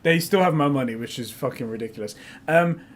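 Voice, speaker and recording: A man co-hosting a casual livestream, excitable and quick to swear. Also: mid-range voice, slight background noise. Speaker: co-host.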